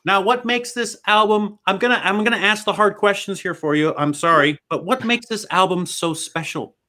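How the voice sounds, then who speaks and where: A man co-hosting over a video call, his voice bright and a little high. He talks in a friendly way but hesitates and restarts often. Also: normal speed. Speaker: co-host. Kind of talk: casual chat and trivia.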